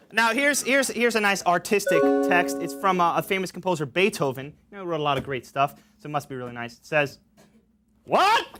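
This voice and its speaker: A young man with a high voice hosts a college comedy show, reading out gag texts and joking with the room. He talks casually with plenty of fillers. Music plays clearly behind him. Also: bright, forceful tone. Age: young adult. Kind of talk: stand-up style show hosting. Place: college studio with audience.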